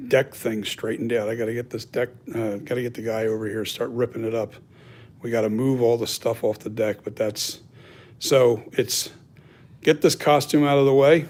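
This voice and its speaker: A man's voice: medium pitch, darkish tone. Rambling man in a workshop vlog. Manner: rambling, thinks aloud with many fillers. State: has the hiccups. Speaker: costume and mask maker.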